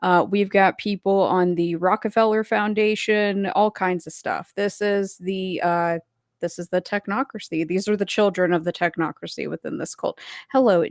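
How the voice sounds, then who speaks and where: A woman hosts a casual livestream, talking in a loose, rambling way with frequent "uh"s as she greets chat viewers by name. Her voice sits at an ordinary middle pitch. The sound is dry and close, with no room echo. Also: a little mellow. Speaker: livestream host.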